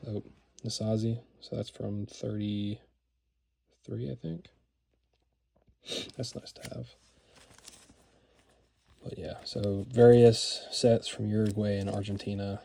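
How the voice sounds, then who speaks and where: A man's voice: fairly low pitch, steady tone, slow pace, vocal fry, long pauses, mellow. A man casually showing off items from his collection, talking in a rambling, enthusiastic way with lots of fillers and repeated words. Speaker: card collector vlogger. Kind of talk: casual show-and-tell narration.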